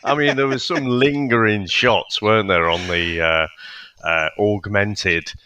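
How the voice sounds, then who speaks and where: A man co-hosting a casual film-review podcast, talking in a halting, hedging way with sighs and restarts. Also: fairly low pitch, steady tone, pushed and bright, smooth, no echo. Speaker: podcast co-host reviewing films. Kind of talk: casual chat.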